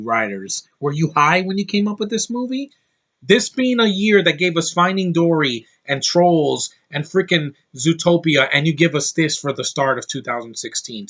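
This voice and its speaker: A man rants through a casual movie review in a bright, forceful voice. He is blunt and scornful, and he swears offhandedly as he picks things apart. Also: on the high side.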